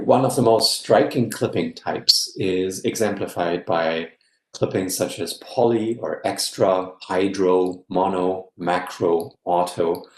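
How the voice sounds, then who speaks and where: A man giving an academic guest lecture in a measured way, often checking in with "yeah?". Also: on the low side, creaky, darkish tone, roomy sound, poor audio. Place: live-streamed online talk.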